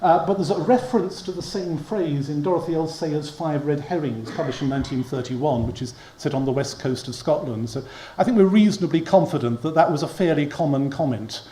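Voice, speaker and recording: A man lecturing on history to an audience talks fairly quickly with few pauses, his voice fairly high and mellow. It's a public lecture in an echoey hall with a faint hum, and he tends to chuckle wryly at his own asides.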